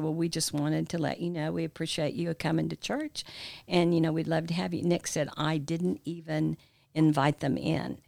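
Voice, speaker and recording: A woman's voice: deep voice, vocal fry, darkish tone, dry recording, studio quality. An older woman, mother of the hosts, telling a long family story in a rambling way with many fillers. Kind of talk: storytelling in casual family chat.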